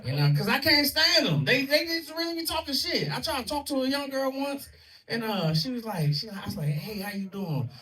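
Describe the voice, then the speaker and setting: A man's voice: very high-pitched, sing-song, brisk. A man in his thirties doing a loose, profane stand-up set with crude punchlines. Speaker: stand-up comedian. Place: comedy club stage with a live audience. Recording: distant mic in a loud crowded club. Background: audience laughter and clapping.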